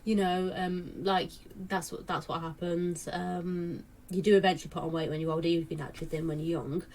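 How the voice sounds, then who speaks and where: A woman's voice: fairly low pitch, flat delivery, a little fast, darkish tone. Rambling woman in her late twenties. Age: late 20s. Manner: rambling, many fillers and restarts. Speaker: vlogger. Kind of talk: casual chat to camera.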